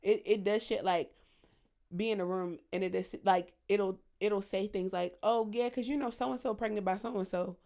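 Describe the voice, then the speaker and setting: A woman co-hosting a podcast in casual chat, an animated storyteller who swears freely and acts out gossip in high mock voices. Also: moderate pace. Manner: profane, slangy. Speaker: podcast co-host.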